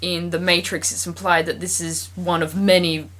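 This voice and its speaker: A woman's voice: lowish voice, little pitch movement, moderate pace, a bit bright. A woman guest co-hosting a podcast, chatting casually and reading aloud, giggly and prone to rambling tangents. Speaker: guest co-host.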